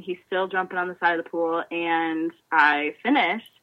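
A woman in her twenties, a former college swimmer, telling animated stories in a casual interview and acting out remembered dialogue. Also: fairly low pitch, moderate pace, highs cut off.

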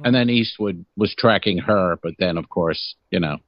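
A man's voice: low-pitched, moderate pace, no echo. A man co-hosting a comedy podcast over a video call, teasing and wry in casual banter. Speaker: podcast co-host. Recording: dry, dull lo-fi sound.

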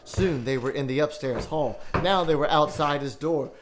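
A man hosting a podcast, reading a children's scary story aloud in a slow, dramatic style. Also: fairly high pitch, noisy background. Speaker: podcast host.

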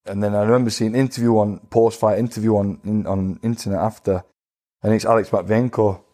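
A man's voice: fairly low pitch, fairly even intonation, fairly quick, mellow. A former boxer, telling his stories bluntly in a casual interview. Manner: blunt, plain-spoken, acts out quoted voices. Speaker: retired boxer guest.

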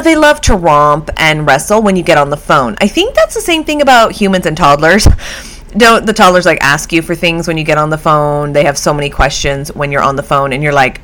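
Her voice sits on the lower side and moves briskly. She is a woman doing a casual solo podcast about dog behavior from her home, spinning lively, chatty stories punctuated by laughter.

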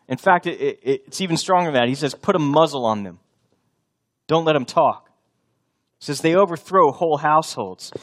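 A man preaching a sermon in a fairly high voice, hammering home his points with emphatic repetition. He drops into acted-out voices when he plays out everyday scenes. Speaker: pastor.

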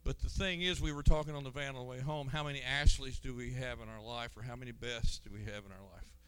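A man who leads church youth, telling a congregation about a church outing in a halting way with restarts and an occasional amen. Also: mid-range voice, steady tone, fairly bright tone, clean tone, poor audio. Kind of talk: recounting a trip to a church congregation.

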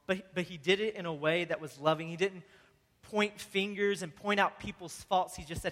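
A man delivers a sermon in an easygoing, heartfelt way, stumbling over repeated words and peppering his talk with "man." His voice sits high and sounds bright and forward. It rings out with a long reverb, as if in a large hall. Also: a little fast. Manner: casual, earnest preaching with frequent "man" and repeated words. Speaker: pastor.

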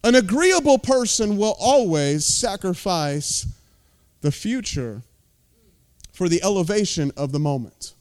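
A man's voice: sits high, sing-song, a little slow, a little mellow. An American man preaching a sermon as lead pastor, intense and emphatic, with casual asides.

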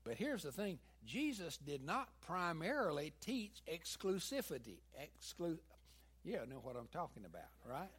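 A man's voice: fairly high pitch, big pitch swings, normal speed, fairly bright tone, breathy edge. A man with a Southern US accent preaching a sermon, mixing folksy stories with emphatic peaks. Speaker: pastor.

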